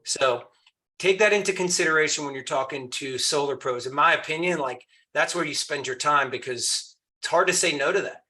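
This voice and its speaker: A man's voice: fairly high pitch, brisk, sharp tone. A man on a video call, persuasively urging a sales team to use an ownership offer when recruiting. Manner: emphatic, persuasive.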